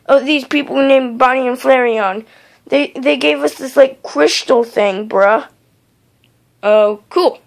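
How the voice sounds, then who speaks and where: A young woman voicing several characters in a homemade animated story, talking casually with a lot of slang and filler words. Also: high-pitched, measured pace, creaky.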